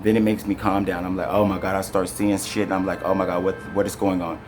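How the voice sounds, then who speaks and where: A man with a somewhat low voice tells his own story straight to camera. He rambles and restarts, stacking up fillers as he goes. A faint ambient hum sits behind him. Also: quick pace. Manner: animated, addresses viewers directly. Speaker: storyteller recounting an arrest. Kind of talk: emotional first-person storytime to camera.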